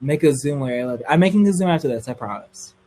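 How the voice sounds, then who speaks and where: Animated, gossipy young man telling a story. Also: very fast, slight background noise, low-quality recording. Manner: animated, gossipy, swears freely, squeals high when excited. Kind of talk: casual storytime chat.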